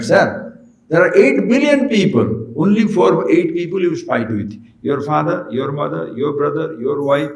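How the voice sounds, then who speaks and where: A man's voice: a little high, darkish tone, echoey room, rough recording. A man giving a spiritual discourse, pressing his listeners with rhetorical questions. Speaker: spiritual teacher.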